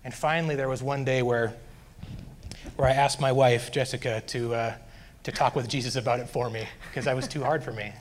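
A man earnestly sharing a personal faith testimony, growing animated as he recounts his frustration. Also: mid-range voice, a little fast, slight background noise.

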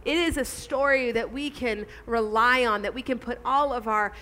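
Bright-voiced, high-pitched woman preaching. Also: moderate pace, a little hiss or hum. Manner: earnest, emphatic, preaching directly to the congregation. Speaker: pastor. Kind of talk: sermon. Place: church.

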